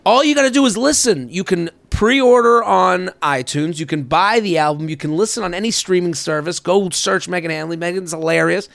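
A man with a high, gravelly voice hosts a podcast with animated, playful energy. He stretches words into a sing-song emphasis. The sound is dry and close, with no room around him. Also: moderate pace, few pauses, no room sound. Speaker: podcast host.

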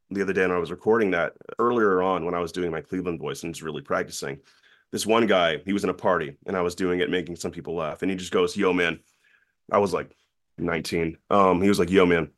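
Fast-talking young man, casual chat. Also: low voice. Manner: rambling, lots of fillers and restarts. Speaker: podcast guest, voice actor.

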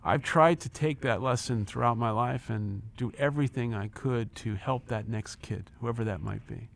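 Man, 60s, interview guest, gravelly, animated storytelling, repeats words. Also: medium pitch, moderate pace. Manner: animated storyteller, acts out quoted dialogue, repeats words when excited. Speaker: interview guest, former company chief.

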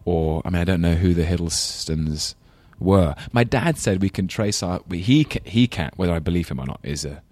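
A man's voice: low voice, animated, normal speed, few pauses, darkish tone. A man with an English London accent, a guest in a casual interview, talking thoughtfully and rambling, often laughing at himself. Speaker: actor guest.

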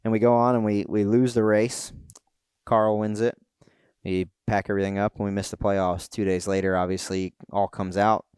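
A middle-aged man, co-host of a podcast, recounting a pit crew story in a relaxed, plainspoken way. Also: fairly low pitch, normal speed, clear, resonant tone, no echo, studio quality. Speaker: podcast co-host, former tire changer. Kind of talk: casual storytelling chat.

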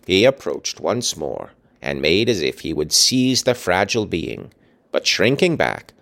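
A man reading a classic novel aloud in an expressive, dramatic way, with his own asides. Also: low voice, gravelly. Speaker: reader. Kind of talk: audiobook reading with commentary.

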